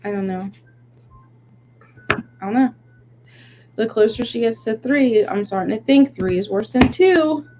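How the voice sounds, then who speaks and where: A young woman co-hosting a casual podcast, venting in an animated, rambling way that is full of "like"s. Her voice sits fairly high. A faint noise runs underneath. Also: a little slow, pauses often. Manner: venting, animated storytelling with many "like"s. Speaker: podcast co-host. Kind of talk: casual chat.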